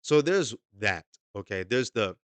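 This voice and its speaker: A man's voice: lowish voice, animated, measured pace, no echo. A man giving a casual, emphatic movie review, often repeating himself and checking in with "okay?". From United States.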